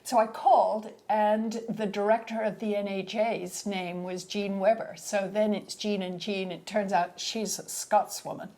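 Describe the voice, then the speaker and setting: A woman's voice: mid-range voice, level tone, a little slow, few pauses, dark tone. A woman from Scotland reminiscing in a chatty, wry way in an interview. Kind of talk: humorous reminiscing.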